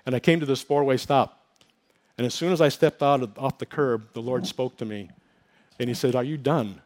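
A man's voice: medium pitch, normal speed. A middle-aged male pastor giving an earnest, emotional testimony in a sermon, telling his story with many fillers and restarts.

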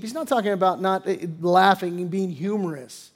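A male pastor delivering a sermon with emphatic preaching, punching words loudly and then dropping low, and acting out quoted attitudes. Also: brisk, few pauses. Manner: emphatic preaching with sudden loud stresses and drops; acts out quoted attitudes in character.

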